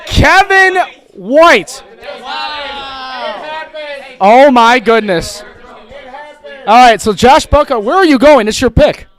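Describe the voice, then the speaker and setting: A man's voice: very high-pitched, unhurried. A man hosting a live fantasy football draft, teasing the participants with playful banter on a wired mic. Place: large indoor hall with crowd. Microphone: wired handheld mic. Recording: echoey hall with loud crowd.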